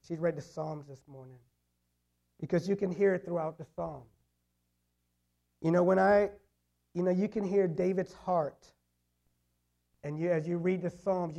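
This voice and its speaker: Pastor guy preaching, kinda high voice, gravelly, lots of "you know"s and repeats. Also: warm tone. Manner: conversational preaching with many "you know" fillers and repetitions. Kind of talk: sermon.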